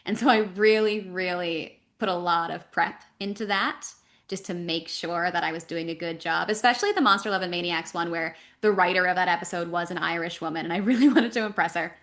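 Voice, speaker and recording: Woman, from Canada, voice actress, interview guest, animated, filler-heavy casual talk. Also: on the low side. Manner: animated, talks in quick runs with fillers.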